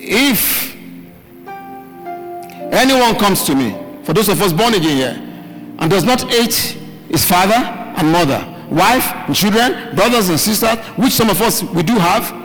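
A male pastor preaching a live midweek sermon, calling out questions for the congregation to answer and shouting key words. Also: high voice. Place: church hall with live congregation. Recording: live hall recording, reverb, faint music.

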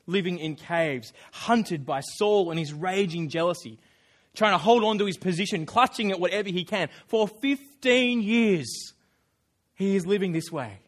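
Animated preacher, high voice. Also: male voice, moderate pace. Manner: animated storytelling, acts out characters, self-correcting asides. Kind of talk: sermon.

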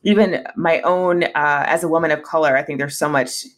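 A woman's voice: deep voice, fairly even intonation, fairly quick, slight background noise. A woman in her thirties talking candidly as a podcast guest, emotional at times, with frequent restarts and laughs. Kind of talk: casual interview conversation.

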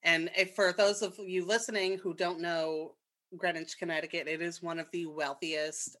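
A young woman co-hosting a podcast, telling a personal story in casual chat, candid and swearing freely with quick asides. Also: on the low side, level tone, fairly bright tone. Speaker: podcast co-host.

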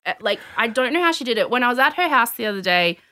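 Brief: Australian woman, chatty storyteller, bright forward tone, dry close sound. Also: a little high, fast talker, no room sound. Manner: animated, acts out quotes of others. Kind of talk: casual storytelling chat.

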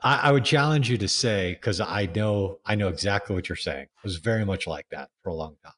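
A man hosting a podcast as a leadership coach, talking in a relaxed, reflective way. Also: fairly low pitch, a little fast. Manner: relaxed, conversational, reflective with fillers. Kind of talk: casual podcast conversation.

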